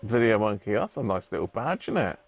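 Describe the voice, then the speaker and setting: A man's voice: lowish voice, very animated, a little fast, gravelly. A man hosting a casual livestream, chatting with viewers and greeting them by name, laughing often. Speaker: livestream host. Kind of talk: casual live chat with viewers.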